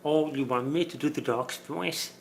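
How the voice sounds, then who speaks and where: A father talking casually in a home video, making low, dry, gently teasing remarks. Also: moderate pace, gravelly, a little hiss or hum.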